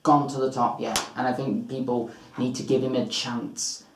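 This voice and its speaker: A man's voice: medium pitch, level tone, normal speed, echoey room, noisy background. A man co-hosting a wrestling predictions show, debating earnestly with frequent ums and hedges. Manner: earnest, hedging with ums, talks over his partner. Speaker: co-host of a wrestling predictions channel. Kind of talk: casual debate.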